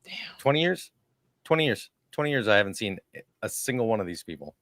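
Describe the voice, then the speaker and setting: A man's voice: fairly low pitch, very animated, fast talker, a bit bright, no echo, clean studio sound. Chatty storytelling co-host, man in his forties. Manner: chatty storyteller, repeats himself. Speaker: podcast co-host. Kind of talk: casual podcast chat.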